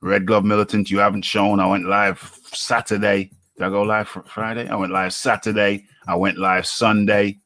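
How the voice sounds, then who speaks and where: A man's voice: sits low, fairly bright tone, no room sound. A man hosting a live boxing talk show, chatty and teasing. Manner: chatty, teasing, quick asides. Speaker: host.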